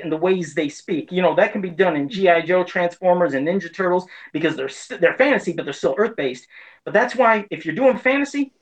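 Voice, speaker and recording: A man's voice: on the high side, low-quality recording. A man in his forties giving a casual, heated opinion rant as a pop culture commentator, indignant and frustrated.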